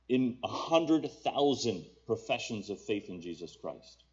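A male preacher delivering a sermon to his congregation. He drops to low, hushed appeals, then climbs to loud, pleading cries. The recording sounds slightly dull and lo-fi. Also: very animated, unhurried, few pauses, husky.

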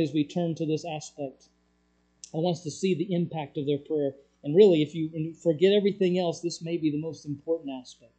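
A preacher delivering a sermon, swinging between loud urgent passages and hushed, low ones. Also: rough recording.

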